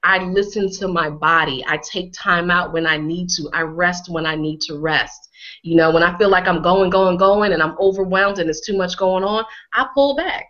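A woman from Connecticut talks with a bright, forceful voice, a little hoarse as she gets over a cold. She leans on her words and repeats them for emphasis. The audio is slightly dull and lo-fi. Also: fairly low pitch, fairly even intonation, moderate pace. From Connecticut, USA. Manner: emphatic, repeats phrases for effect. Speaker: healing coach, guest. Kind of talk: conversational interview.

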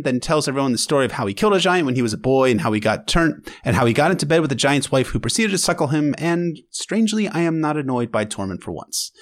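A man hosting a podcast who recaps an episode in casual chat, full of emotional and wry, sarcastic asides. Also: fairly high pitch. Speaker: podcast host.

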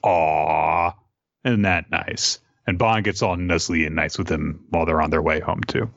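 A man's voice: sits low, moderate pace, fairly bright tone, no room sound. A man co-hosting a podcast, recapping a comic in a joking, casual way, on a dull lo-fi recording. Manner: joking, with frequent laughs. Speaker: podcast co-host.

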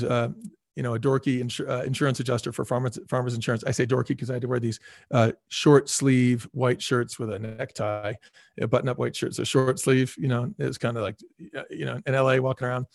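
A middle-aged ex-CEO of a restaurant chain talks in a mid-range voice with vocal fry, animatedly sharing stories as a podcast guest. He plays out quoted voices with energy, and the studio-quality audio has no echo.

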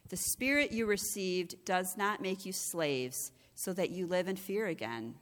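A woman's voice: fairly low pitch, measured pace, a bit bright. A middle-aged woman preaching a sermon, earnest and conversational, often restarting and asking "right?" as she goes. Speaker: executive director and preacher. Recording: long reverb of a hall.

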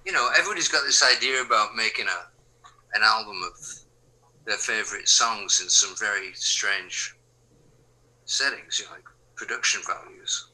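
An older man from England, a musician answering interview questions in a relaxed, rambling way, full of fillers and restarts. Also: fairly low pitch, normal speed, rough recording. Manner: rambling, frequent fillers and restarts, drops to quiet asides. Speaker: musician guest.

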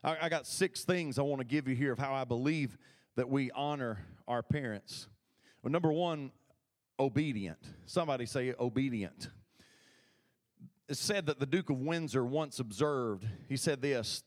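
A man's voice: medium pitch, lively intonation, moderate pace, darkish tone. A man preaching a sermon as pastor, talking conversationally and calling for responses from the congregation. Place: church sanctuary.

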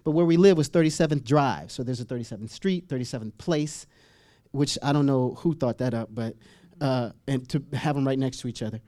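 A man preaching a humorous storytelling sermon as pastor, acting out scenes with sudden high squeals and laughter. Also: brisk, no room sound, studio quality. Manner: animated, acts out voices with sudden high-pitched squeals and laughs.

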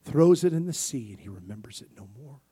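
A male pastor delivers a sermon with a husky, breathy voice at an average pitch. He swings from loud emphatic bursts to soft near-whispers, calling for amens along the way. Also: expressive, brisk.

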